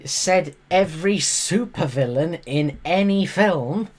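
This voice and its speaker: A woman's voice: lively intonation, moderate pace. A woman giving sarcastic, exasperated commentary as a live streamer reacting to a TV show. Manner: sarcastic, exasperated, jumps into loud high exclamations.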